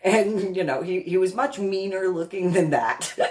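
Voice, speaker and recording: A woman's voice: lowish voice, unhurried, darkish tone, reverberant. A woman telling a comedic story in a sarcastic, giggly, mock-patient manner. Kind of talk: comedic anecdote monologue.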